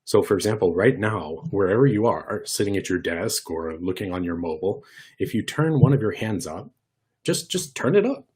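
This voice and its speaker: A man giving an online workshop lesson in a lively, conversational way, often demonstrating voice shifts. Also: fairly low pitch, normal speed, breathy edge. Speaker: workshop presenter.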